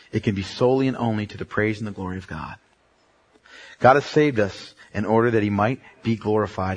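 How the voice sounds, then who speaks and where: A male pastor preaching a sermon, emphatic and direct, dropping from loud bursts to a hush and checking in with his congregation. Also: medium pitch. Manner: emphatic, swings between loud outbursts and hushed stretches; talks straight to the congregation, checking in often.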